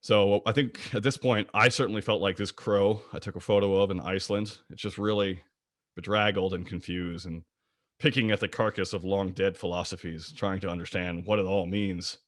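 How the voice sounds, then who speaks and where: A man's voice: steady tone, normal speed, no echo, studio quality. Playful man giving a bird lecture. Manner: playful, jokey, wide swings in pitch. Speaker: guest presenter of a bird talk. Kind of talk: online slide lecture.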